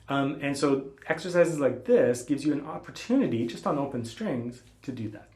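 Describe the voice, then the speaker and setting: Calm man teaching guitar in a roomy space. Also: mid-range voice, moderate pace, few pauses, a little hiss or hum. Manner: calm, patient explaining, calls out finger letters. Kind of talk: spoken instruction between playing. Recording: roomy sound with guitar playing.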